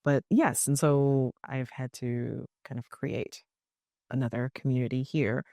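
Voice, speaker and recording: A woman therapist, a podcast guest, chatting casually and telling animated stories, full of "like" fillers. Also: extremely low pitch, a little slow, no echo. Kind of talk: casual conversational interview.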